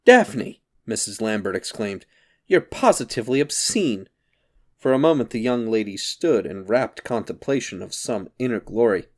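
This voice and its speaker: A man narrating a comic novel in a measured, even reading. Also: fairly low pitch. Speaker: audiobook reader. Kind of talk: scripted narration.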